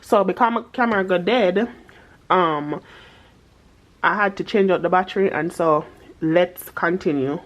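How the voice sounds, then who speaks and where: A woman's voice: fairly low pitch, a little mellow. A woman with a Jamaican accent chatting casually to camera as a budgeting vlogger, slipping patois into her talk.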